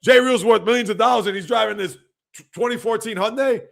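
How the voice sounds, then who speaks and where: Gravelly man hosting a sports livestream. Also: sits high, fast talker, fairly bright tone. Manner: rambling, rhetorical, exasperated asides. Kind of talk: casual sports commentary livestream.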